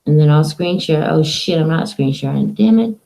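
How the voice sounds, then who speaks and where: A woman's voice: low-pitched, expressive, moderate pace, creaky, dark tone, poor audio. A woman streaming live from home, chatting in a rambling, casual way to her viewers and her dog.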